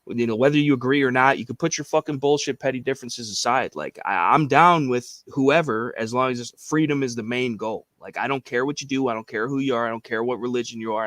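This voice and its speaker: A man's voice: medium pitch, fairly bright tone, no room sound. Profane, rambling young man, dry sound. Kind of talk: casual livestream chat.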